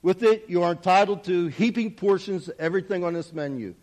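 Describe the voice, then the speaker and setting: A man's voice: high-pitched, a little fast, darkish tone, lightly acted. A man playing a courteous restaurant host. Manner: courteous and formal. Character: polite, smiling male restaurant host.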